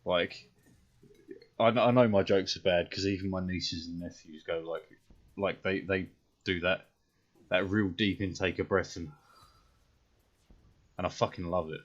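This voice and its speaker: Deep-voiced sweary British man ranting. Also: fairly even intonation, unhurried, pauses often, muffled recording. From Britain. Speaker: game streamer. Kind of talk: casual ranting chat while gaming.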